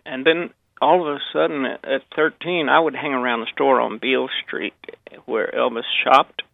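Gravelly older Southern man on a phone line. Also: mid-range voice, fairly even intonation, normal speed, no echo. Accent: Southern American. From Memphis, Southern US. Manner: rambling, chuckling storyteller with frequent restarts. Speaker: guest, actor and author. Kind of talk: relaxed anecdotal interview. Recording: dry, tinny phone line.

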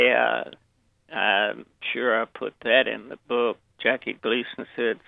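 An older Southern man tells his stories in a rambling way, chuckling and restarting his sentences. His voice is heavily gravelly and full of fry. It comes over a dry, tinny phone line. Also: mid-range voice, no room sound. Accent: Southern American. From Memphis, Southern US. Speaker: guest, actor and author. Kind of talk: relaxed anecdotal interview.

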